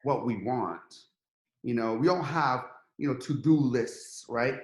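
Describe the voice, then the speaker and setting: A middle-aged man, a podcast guest, telling a story in a lively, casual way and acting out the quotes. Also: medium pitch, measured pace, echoey room. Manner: animated, acts out quotes in a rising voice.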